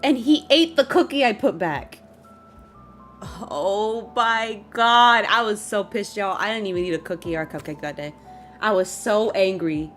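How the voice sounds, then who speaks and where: Young adult woman, streamer, casual venting story, exasperated, animated, faint background music. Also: mid-range voice, normal speed. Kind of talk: casual storytelling rant to chat.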